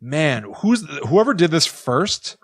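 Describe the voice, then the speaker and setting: A man's voice: fairly high pitch, very animated, measured pace, no echo, studio quality. Sarcastic, rambling man reviewing a film. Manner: sarcastic, rambling with many fillers. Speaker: podcast co-host. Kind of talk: casual movie review chat.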